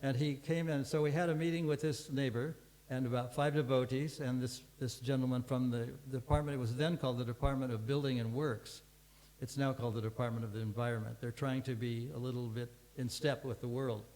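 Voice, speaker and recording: An older man recounting a story in a scripture class. He wanders, restarts and fills pauses as he goes, in an unhurried, easy manner. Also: mid-range voice, fairly even intonation, darkish tone, low-quality recording. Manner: rambling, many restarts and fillers. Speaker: guest speaker giving a scripture class.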